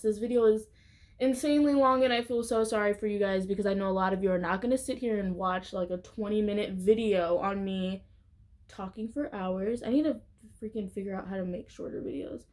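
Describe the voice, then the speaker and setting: A woman's voice: medium pitch, darkish tone. Rambling woman vlogger, chatty. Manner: rambling, heavy use of "like" fillers. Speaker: YouTuber. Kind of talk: casual vlog chat.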